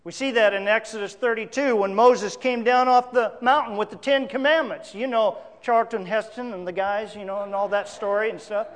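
A male pastor preaching a sermon, emphatic, with big swings between loud declarations and quiet asides. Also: high-pitched, steady tone, moderate pace, few pauses, big-room sound.

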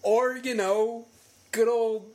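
A man co-hosting a casual podcast chat, excitable and prone to indignant rants. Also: very high voice, slow. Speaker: podcast co-host. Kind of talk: casual chat about wrestling.

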